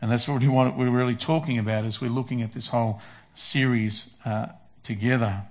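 A man's voice: medium pitch, fairly even intonation, brisk. Man preaching a conversational sermon. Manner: conversational, acts out quoted prayers and disciples. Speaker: pastor.

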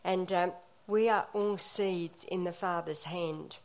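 A woman's voice: lowish voice, steady tone, takes it slowly, darkish tone. A woman leading a church gathering, giving an encouraging devotional talk with frequent fillers.

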